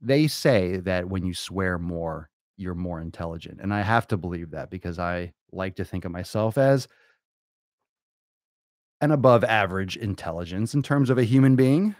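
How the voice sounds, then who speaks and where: Loud-mouthed guy hosting his podcast solo, cussing nonstop, kinda low voice, dry sound. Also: lively intonation, normal speed, no echo. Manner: brash, crude and theatrical, swearing constantly; stretches words out for emphasis. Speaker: podcast host. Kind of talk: profane comedic podcast monologue.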